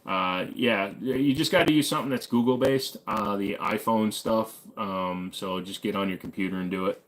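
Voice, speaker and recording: A young American man hosts a live stream with a fairly low voice. He reads viewer comments aloud and answers in a relaxed, joking drawl, often padding his replies with "uh." It sounds like loose, unscripted chat. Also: normal speed. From United States. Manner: laid-back, joking, drawling with frequent "uh" fillers. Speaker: host.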